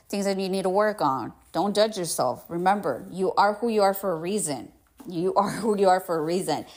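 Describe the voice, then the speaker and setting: A woman hosting a solo podcast, talking candidly and emphatically, with frequent fillers and some swearing, a bit congested. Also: mid-range voice. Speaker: podcast host. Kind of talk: casual solo podcast monologue.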